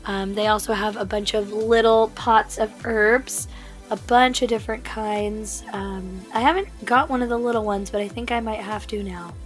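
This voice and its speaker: A woman with a raspy voice from laryngitis, chatting through a casual shopping vlog voiceover with lots of fillers. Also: medium pitch, steady tone, moderate pace, soft background music. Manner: chatty, enthusiastic, many fillers. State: hoarse from laryngitis. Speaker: vlogger.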